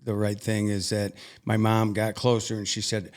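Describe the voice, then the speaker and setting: A young man earnestly recounting a personal story as an interview guest, halting and emotional at times. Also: lowish voice, completely flat delivery.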